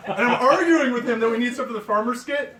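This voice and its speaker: A man telling a funny story to a group of friends, animated and laughing often as he acts out the people in it. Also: very high-pitched, fast talker. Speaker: friend giving a toast. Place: indoor room with a gathering of friends. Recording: echoey room, voice from far off, chatter behind.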